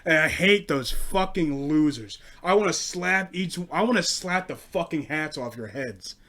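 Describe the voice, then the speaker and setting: A twenty-year-old man telling a story in a casual rant, swearing constantly and sounding exasperated. His voice sits somewhat high for a man. He swings from grumbling low to loud outbursts. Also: animated, a little slow. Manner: profane, exasperated. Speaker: host.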